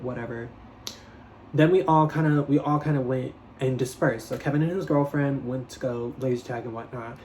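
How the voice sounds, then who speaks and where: Young male vlogger, mid-pitched voice, dramatic gossipy storytelling with constant fillers. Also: a little hiss or hum, poor audio. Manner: chatty, heavy on filler "like", swears freely; dramatic, switches into playful higher voices when quoting people. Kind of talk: casual storytime vlog.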